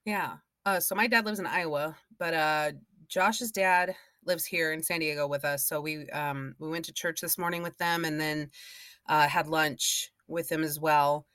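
A woman's voice: sits low, fairly even intonation, measured pace, fairly bright tone, no room sound, studio quality. A woman in her thirties co-hosting a podcast, laid-back and laughing a lot in casual chat. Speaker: podcast co-host.

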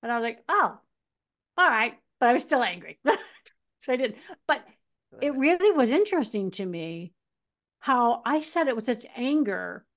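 A woman's voice: a little high, big pitch swings, normal speed. A woman co-hosting a podcast, telling personal stories in casual chat, acting out quotes and laughing as she goes. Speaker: podcast co-host. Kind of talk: casual conversational storytelling.

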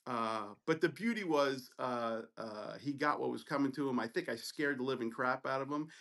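A middle-aged man telling a story on a podcast in a casual, animated, profane way, acting out the people in it. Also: mid-range voice, normal speed. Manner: animated, profane, acts out voices in his story. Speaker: podcast co-host.

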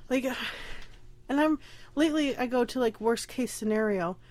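A woman's voice: a little high, unhurried, a little mellow. A young woman hosts her own casual podcast, pregnant and emotional. She talks candidly and rambles, often close to tears and breaking into nervous laughs. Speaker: podcast host.

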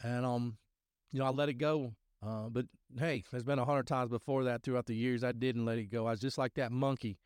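Middle-aged guy rambling through a story on his podcast, smooth clear voice, dry close sound, lots of ums and restarts. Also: medium pitch, fairly even intonation, fairly quick, darkish tone, no echo. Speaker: podcast host sharing testimony. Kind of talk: casual spoken testimony.

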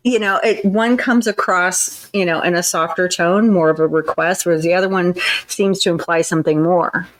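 A woman with a slightly low voice talks through advice in a relaxed podcast conversation. She explains things earnestly and at length, now and then acting out how a line can sound. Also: normal speed, poor audio. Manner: earnest, explanatory, acts out tones of voice in examples. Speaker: podcast co-host. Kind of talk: casual advice chat.

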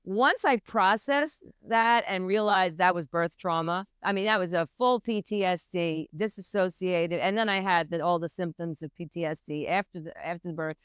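This middle-aged woman, a midwife, tells her own difficult birth story as a guest on a podcast interview, earnest and intense throughout. She talks at normal speed in a smooth, fairly low voice with hardly any pauses. The audio is studio quality with no echo.

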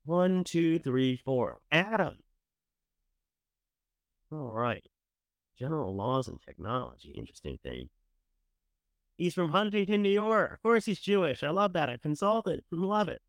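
A man hosting a casual commentary show, talking with a lively voice that swings from loud enthusiasm to mumbled asides. His tone is chatty and sarcastic. The recording is dry and close, with no room sound. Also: fairly high pitch, a little slow, long pauses, dry recording. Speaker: show host reviewing candidates.

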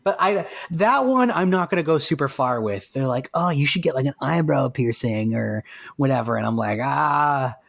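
A man co-hosting a casual music podcast from a remote call, talking in an excitable, rambling and self-mocking way. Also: mid-range voice, moderate pace, gravelly, no echo. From Canada. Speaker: podcast co-host. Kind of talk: casual chat. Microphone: remote call mic.

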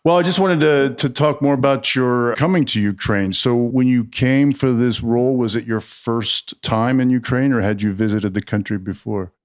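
A man's voice: mid-range voice, moderate pace, hardly any pauses, dry recording, studio quality. A man hosting an interview, asking short, attentive questions. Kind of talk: conversational interview.

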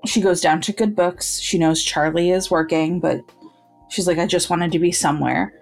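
A woman co-hosting a podcast, retelling a novel's scenes with animated quoting of the characters. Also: on the low side, moderate pace, gravelly, faint music behind. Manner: animated storytelling, acting out characters' lines. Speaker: podcast co-host. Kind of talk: casual book-club chat.

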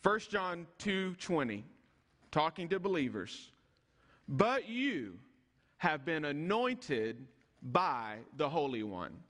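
A man preaching a sermon, reading scripture slowly and dropping low and soft when he prays. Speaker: pastor. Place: church sanctuary. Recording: long church hall reverb.

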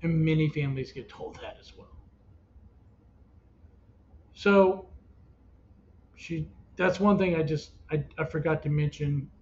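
A man's voice: fairly high pitch, measured pace, long pauses, a little mellow. Earnest man retelling a family crisis. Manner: earnest, emotional retelling with restarts. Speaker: parent of a child with cancer. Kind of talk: personal storytelling podcast. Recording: dull lo-fi audio with faint hiss.

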